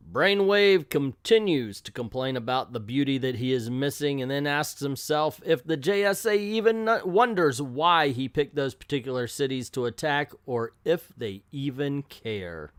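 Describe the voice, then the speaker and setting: A man's voice: medium pitch, animated, moderate pace, few pauses, smooth, no room sound, clean studio sound. A man casually reviewing an old comic book, joking irreverently and reading captions aloud.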